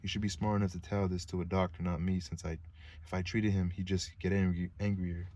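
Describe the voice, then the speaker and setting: A man's voice: sits low, level tone, fairly quick, mellow, lightly acted. A man reading the lines of a bitter, sarcastic young prince in his own plain voice.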